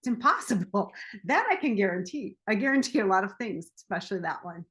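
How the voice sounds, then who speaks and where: A woman in her forties talks in a loose, chatty way, as a self-help coach. She laughs often and tells her story with lively animation. Her voice sits at a middling pitch for a woman. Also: fairly quick. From United States. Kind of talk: casual monologue.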